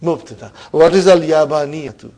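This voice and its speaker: A man's voice: on the high side, normal speed, mellow. A man teaching an Arabic grammar class, quizzing students and repeating terms with frequent checks of "huh?". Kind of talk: classroom lesson.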